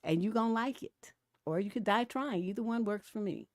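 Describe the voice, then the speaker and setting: A middle-aged woman hosting a livestream advice show, talking bluntly and profanely, swinging from mellow to heated and laughing between points. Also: mid-range voice, brisk, no echo, clean studio sound. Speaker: relationship coach hosting a livestream. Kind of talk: casual livestream advice talk.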